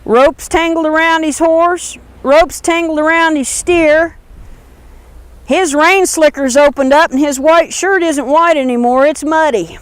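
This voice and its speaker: A woman telling a story in a folksy, animated spoken manner. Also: sits high, measured pace, no room sound.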